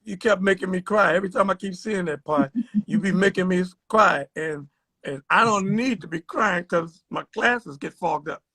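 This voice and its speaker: A man interviewing an artist in a casual, enthusiastic way, often pausing with fillers. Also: high voice, pushed and bright, no echo.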